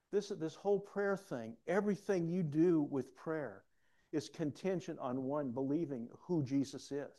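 This sermon comes from a middle-aged man whose voice sits on the high side. He tells stories from his own life, alternating hushed remarks with loud exclamations.

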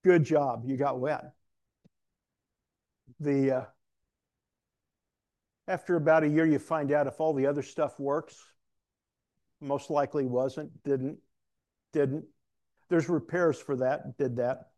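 A man's voice: on the high side, fairly even intonation, takes it slowly, pauses often, a little mellow. Candid man telling his story. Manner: candid storytelling with self-deprecating humor. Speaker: preacher. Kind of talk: testimony sermon. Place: room with an audience.

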